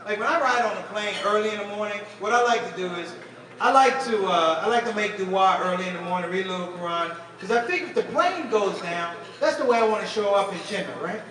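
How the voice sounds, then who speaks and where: A man doing stand-up comedy at a fundraising dinner, telling animated stories and talking straight to the crowd. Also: high voice, fast. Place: banquet hall at a fundraising dinner. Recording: echoey hall, distant mic, crowd. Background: audience laughing and murmuring.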